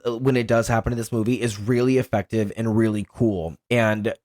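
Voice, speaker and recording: Animated man recapping a horror film. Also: lowish voice, a little fast, dry recording, studio quality. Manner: animated, laughs often, recaps plot. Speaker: podcast co-host. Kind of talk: casual film review chat.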